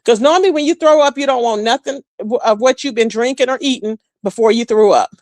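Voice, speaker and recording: Talking fast in a voice on the high side, a woman hosting a casual livestream sassily comments on reality-show gossip and greets her chat. She's animated and speaks straight to viewers, with no echo in the recording.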